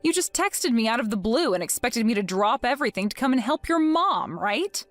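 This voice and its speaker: A woman's voice: fairly high pitch, sing-song, fairly quick, soft background music. A woman voicing a vengeful young wife in a dramatized story, cold and taunting with mock innocence. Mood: scheming.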